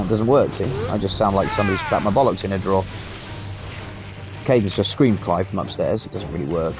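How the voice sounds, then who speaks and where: A British man chatting casually and swearing freely as he streams a game. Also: deep voice. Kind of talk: casual live gameplay commentary.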